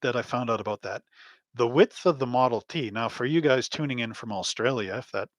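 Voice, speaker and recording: A man's voice: mid-range voice, fairly quick, no echo. Rambling man, dry sound. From Canada. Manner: rambling, anecdotal, chuckles often. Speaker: host. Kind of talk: casual live stream chat. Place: home hobby room.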